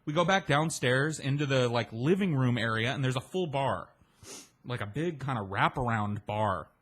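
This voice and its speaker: A man's voice: mid-range voice, lively intonation, moderate pace, a bit bright. A man telling a long, rambling personal story in casual speech, with restarts and swearing, slipping into other people's voices. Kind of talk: casual spoken anecdote.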